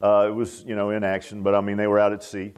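An older man preaching a sermon in a folksy, animated way, repeating phrases for emphasis. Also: on the low side, fast, smooth. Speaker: pastor.

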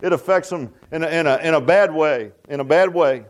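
A fairly quick older man, his voice on the high side, delivers a fervent revival sermon as pastor. Folksy and repetitive, he often asks the congregation "huh?"

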